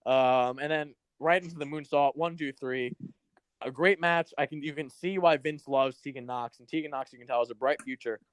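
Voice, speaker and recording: A man's voice: mid-range voice, normal speed, no echo. A man co-hosting a podcast, reviewing wrestling in a rambling, casual way, swearing and acting out little quotes. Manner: rambling, swears, acts out quotes in put-on voices. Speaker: podcast co-host.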